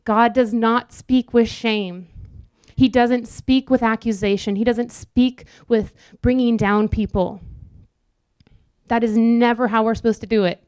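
Woman preacher, young adult, earnest chatty sermon, smooth clear voice, dry close sound. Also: a little high, fairly even intonation, darkish tone, dry recording. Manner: earnest, conversational preaching with quick asides.

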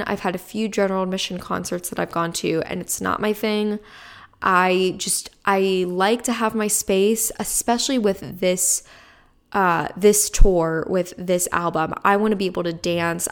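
Excitable woman with a creaky voice. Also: medium pitch. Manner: chatty and excitable, many fillers like "like" and "you know". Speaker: podcast host. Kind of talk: casual solo podcast chat.

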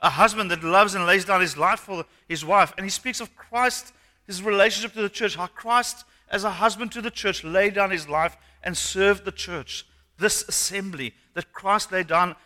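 A male pastor preaching a sermon, animated and asking the congregation questions. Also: high-pitched, moderate pace. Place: church hall. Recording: long hall reverb.

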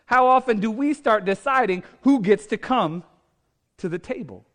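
Man, pastor, high voice, chatty sermon, asks the room questions. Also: animated, normal speed, fairly bright tone. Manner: conversational preaching, asks the congregation questions; reads scripture aloud, acting out the speakers' lines.

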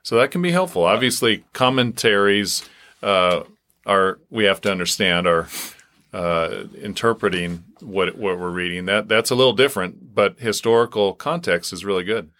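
A man co-hosting a faith podcast, speaking earnestly about scripture with halting restarts. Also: fairly low pitch, fairly bright tone. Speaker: podcast co-host. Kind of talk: casual Bible discussion.

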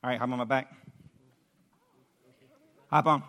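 A man preaching to a youth group, animated and pleading, acting out a story with a volunteer from the audience. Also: mid-range voice, unhurried. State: out of breath. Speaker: youth pastor. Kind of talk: sermon with audience demonstration. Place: church hall with audience.

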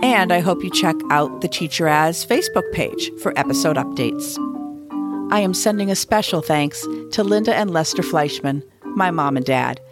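A woman's voice: fairly low pitch, lively intonation, moderate pace. A woman hosting a teaching podcast, encouraging and enthusiastic as she talks with a guest and reads her outro. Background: faint background music in outro.

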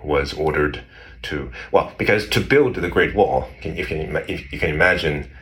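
Speaking a little fast, a man with a bass, somewhat bright voice tells a history story as a conversational guest. His telling is rambling and full of restarts, and he slips into character for the quotes.

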